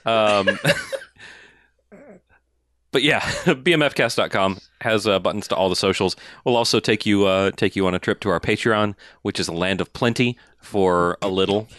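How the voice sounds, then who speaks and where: Low-voiced laid-back podcast host. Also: male voice, moderate pace, fairly bright tone, no echo, studio quality. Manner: laughing, jokey, loose plugs. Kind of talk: casual podcast banter.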